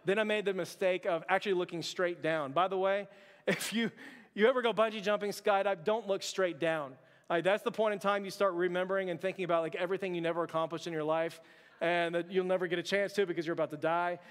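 Pastor guy preaching, funny storytelling, goes quiet and hushed for his own thoughts, kinda high voice, big echoey church hall. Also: fast. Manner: animated and humorous, drops to a hushed voice for quoted thoughts. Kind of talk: sermon with personal storytelling. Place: church sanctuary. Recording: church hall with long reverb.

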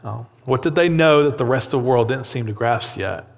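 A man teaching a Bible lesson in an easy, talky way. He keeps asking "right?" and "okay?" and doubles words as he goes. His voice sits at an ordinary middle pitch and trails a long reverb, like in a big hall. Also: brisk, gravelly. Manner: conversational, checks in with "okay?" and "right?"; repeats words while thinking.

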